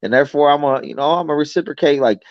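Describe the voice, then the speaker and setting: A man's voice: on the high side, quick pace, dry recording. Blunt, profane man on a dull stream. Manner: blunt, profane, acts out both sides of arguments. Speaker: livestream host. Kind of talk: late-night casual chat.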